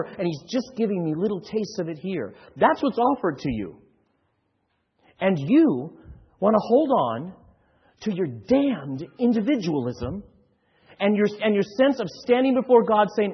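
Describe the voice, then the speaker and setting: A man's voice: high voice, very animated, a little slow, husky. Fired-up preacher guy, voice jumps all over, echoey church hall, muffled. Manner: impassioned preaching, building from quiet to loud; repeats words when stirred. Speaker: pastor. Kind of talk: sermon. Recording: dull sound, long hall echo.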